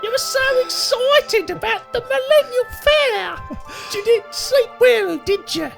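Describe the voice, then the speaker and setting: A man voicing a fussy old mother in a shrill Monty Python-style granny falsetto, riffing over a video game. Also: expressive, takes it slowly, music in the background, heavily acted. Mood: fussing. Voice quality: high screechy falsetto, gravelly. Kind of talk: comic riff voice for a video game character.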